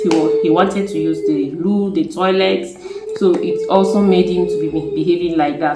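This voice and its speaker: A young woman with a Nigerian accent tells a story in a vlog, emphatic and animated. Her voice sits somewhat low for a woman. The sound carries the echo of a bare room. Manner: animated, emphatic storytelling, rising to indignant outbursts. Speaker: vlogger. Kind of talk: casual opinion vlog. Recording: echoey room.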